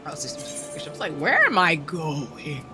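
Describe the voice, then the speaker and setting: A woman's voice: sits low, wildly swooping pitch, measured pace, music in the background. Chatty laughing woman streamer. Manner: chatty, laughs often, rambling storytelling. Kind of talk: casual chat while gaming. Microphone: desk microphone.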